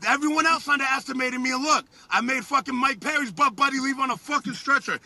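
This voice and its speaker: A man's voice: very high-pitched, fast, creaky, a loud crowd. A man who fights for a living, trash-talking an opponent in a heated interview with aggressive, profane threats.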